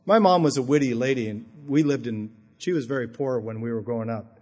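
Husky-voiced man preaching in a reverberant hall. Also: a little fast. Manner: storytelling, swings from quiet to loud and high. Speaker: pastor. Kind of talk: sermon.

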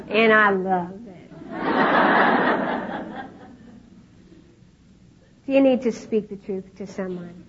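A woman's voice: medium pitch, slow pace, pauses often, breathy edge. A middle-aged woman speaking to an audience, telling a personal story, acting out the dialogue and laughing often. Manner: acts out dialogue in lively voices, laughs often. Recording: dull lo-fi recording with faint noise.

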